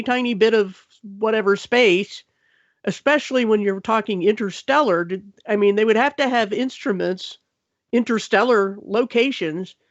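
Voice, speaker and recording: A woman's voice: fairly high pitch, dry recording, muffled recording. A woman on a group call, thinking aloud and skeptical of the claims.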